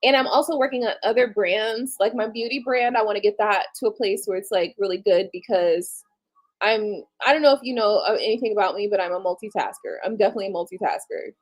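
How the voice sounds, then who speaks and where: A woman's voice: mid-range voice, fast talker. A woman in her late thirties hosting a casual live stream, talking bluntly and candidly with casual swearing. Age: late 30s. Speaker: livestream host.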